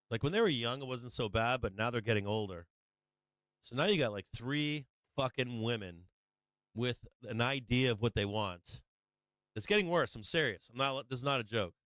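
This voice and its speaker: Crude joking man, smooth dry voice. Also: mid-range voice, a bit bright, no echo. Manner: crude, joking, laughs often, lots of swearing. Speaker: stock market livestream host. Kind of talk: profane casual livestream chat.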